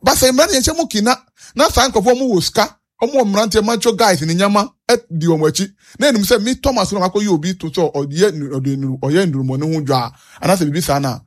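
A Ghanaian man speaks in a high, earnest voice. He presses his points and repeats them as he moves between Twi and English. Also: fast. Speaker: interviewee. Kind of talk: street interview on national issues.

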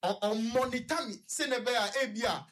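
A young man with a Ghanaian accent, a guest on a radio discussion, telling a personal story in a halting way and stuttering repetitions. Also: extremely high pitch, fairly bright tone.

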